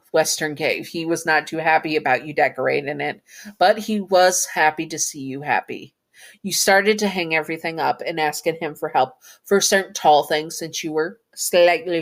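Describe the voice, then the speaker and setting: A chatty woman narrating her own fan fiction story. She reads casually and stops herself to correct details along the way. Her voice sits a touch low for a woman. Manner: chatty, with self-correcting asides.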